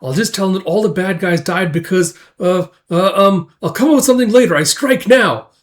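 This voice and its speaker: A man's voice: a little fast, lightly acted. Man putting on a sweet, flustered young woman. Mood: anxious. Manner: falsetto, sweet, apologetic.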